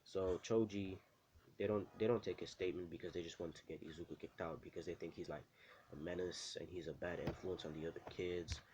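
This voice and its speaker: A man's voice: low-pitched, fairly even intonation, a little fast, darkish tone, highs cut off, a little hiss or hum. A man casually telling a made-up story, rambling with lots of fillers and restarts.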